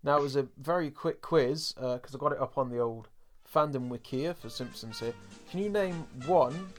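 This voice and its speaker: An English man co-hosting a podcast, recapping a cartoon episode in a loose, chatty way. He laughs often and leans on fillers, at a middling pitch. Faint music sits underneath. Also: moderate pace. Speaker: podcast co-host.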